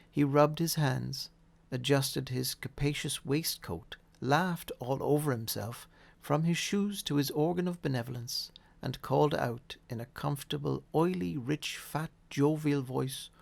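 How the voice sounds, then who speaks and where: A man reading a classic story aloud in a measured, expressive way. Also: medium pitch, gravelly. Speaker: audiobook reader. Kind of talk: storybook narration.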